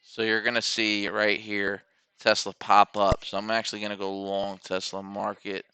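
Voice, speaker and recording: Man, live trading commentary, lowish voice, very clear, self-correcting mutter. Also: completely flat delivery, normal speed, sharp tone, dry recording. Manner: self-correcting, muttering to himself over trade entries. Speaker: day trader streaming live trades.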